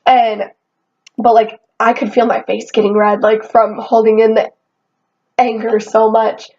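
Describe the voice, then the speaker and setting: A young woman tells a casual storytime rant in a fairly high voice, animated and swearing freely. The recording is dull and lo-fi. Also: a little slow. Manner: swearing, animated, quotes herself often. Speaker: vlogger. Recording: dull lo-fi sound.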